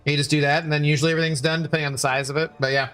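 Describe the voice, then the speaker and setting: A man's voice: on the high side, level tone, racing, fairly bright tone, smooth, faint music behind. A man chatting casually on a livestream, reading chat aloud and rambling playfully with many self-corrections.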